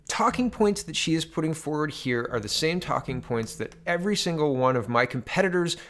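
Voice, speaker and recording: A man's voice: fairly high pitch, expressive, fairly quick, fairly bright tone. A man from Canada giving casual political commentary to camera, loose and conversational, with restarts and quotes read aloud.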